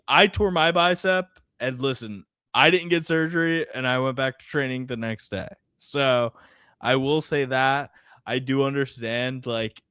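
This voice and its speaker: A man's voice: mid-range voice, pushed and bright, no room sound, clean studio sound. A man co-hosting a casual sports betting podcast who tells stories animatedly and laughs mid-sentence. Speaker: podcast co-host.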